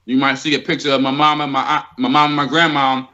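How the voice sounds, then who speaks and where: A man's voice: medium pitch, little pitch movement, fast, bright, forceful tone, lo-fi sound, slight background noise. A man talking casually as a guest on a podcast, a laid-back storyteller who laughs often.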